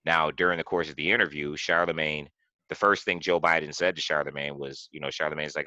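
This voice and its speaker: A man with an extremely low voice that still has a bright edge, talking through a story in a loose, rambling way. He keeps restarting sentences and padding them with "you know." The sound is dry and close. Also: level tone, brisk, no echo, muffled recording. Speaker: podcast host. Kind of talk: casual political discussion.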